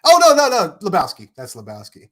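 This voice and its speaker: A man on a livestream as a guest, chatting casually in a rambling, animated way, full of fillers and laughs. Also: sits high, fairly quick. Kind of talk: casual chat. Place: home, on a livestream.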